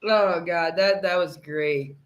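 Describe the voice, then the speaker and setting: A woman's voice: lowish voice, slow pace. A middle-aged woman hosting a livestream, chatting casually with viewers, telling bawdy stories and laughing often. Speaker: livestream host.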